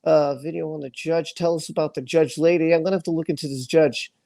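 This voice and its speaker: Ranting with anger and passion, a livestream host reads chat comments out loud and repeats his phrases. His fairly high voice is mellow with vocal fry, fairly even in intonation, and quick in pace.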